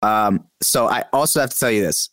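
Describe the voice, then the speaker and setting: A man's voice: lowish voice, normal speed, a bit bright, dry recording, clean studio sound. A young man, a podcast guest, chatting casually and animatedly, full of "like" and "dude". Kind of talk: casual chat.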